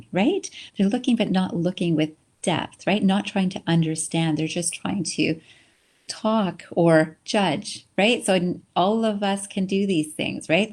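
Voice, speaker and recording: A woman's voice: on the low side, a little mellow. A woman giving an encouraging webinar lecture, often checking in with "right?". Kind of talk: conversational lecture.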